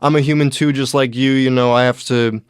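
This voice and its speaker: A man's voice: medium pitch, fairly even intonation, brisk, clear, resonant tone, no room sound, clean studio sound, natural voice. A man voicing a spaced-out homeless man who pleads and rambles with many restarts. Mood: pleading.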